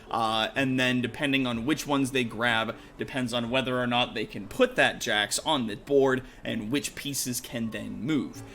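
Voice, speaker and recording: A man's voice: fairly high pitch, fairly bright tone. A man narrating a tabletop game as game master, laughing often and hesitating with fillers.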